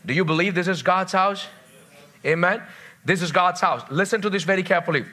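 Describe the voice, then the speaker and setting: Man, pastor, sermon, high voice, bright tone, emphatic, repeats key phrases. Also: a little fast. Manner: asks the congregation for responses.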